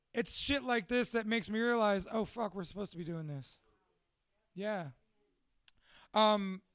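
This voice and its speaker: A man's voice: extremely high pitch, no echo. A man who runs a tattoo studio, talking casually and with a lot of swearing to a room of people at a gathering he hosts. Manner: profane, excitable, heartfelt. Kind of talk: casual live talk to a room. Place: room with an audience.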